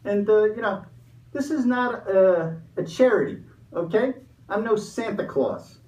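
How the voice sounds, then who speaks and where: A man's voice: sits high, measured pace, a little mellow. A man playing a greedy, smug Easter Bunny in a comedy sketch interview, talking like a pushy salesman. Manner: wisecracking, pushy salesman patter. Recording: echoey room, mic far off.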